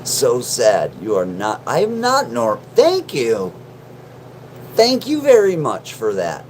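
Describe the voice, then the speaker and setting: A man's voice: mid-range voice, wildly swooping pitch, slow, slight background noise, poor audio. A man hosting a casual livestream from his mom's basement, joking and swearing as he chats with viewers. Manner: profane, joking, self-mocking. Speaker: livestream host.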